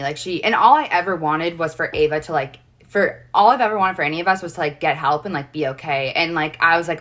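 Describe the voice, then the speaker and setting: Young woman, low voice, tense bright tone, rambling casual storytelling, earnest, lots of fillers. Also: fairly quick. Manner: rambling, constant fillers and restarts; emotional, earnest.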